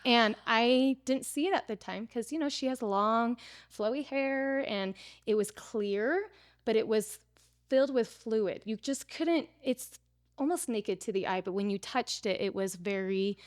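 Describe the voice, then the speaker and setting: A woman's voice: fairly high pitch, a little slow, no echo, studio quality. A woman in her thirties, a preparedness teacher and interview guest, telling her story casually with lots of "like" fillers.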